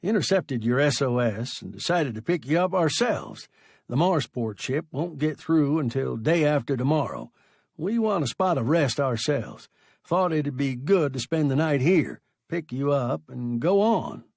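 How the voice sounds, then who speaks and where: A man doing a brisk, calm spaceship rescuer. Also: medium pitch, creaky, no echo, studio quality. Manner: brisk, soothing.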